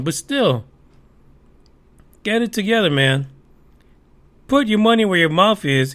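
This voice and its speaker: High-voiced man ranting on a podcast. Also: a bit bright. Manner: profane, sarcastic, heated. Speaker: podcast host. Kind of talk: ranting news commentary.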